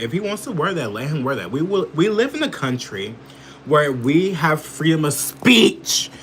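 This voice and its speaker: A man's voice: fairly high pitch, a bit bright, slight background noise. Profane ranting man commentator. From United States. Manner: heated, profane, heavy filler words. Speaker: political commentator.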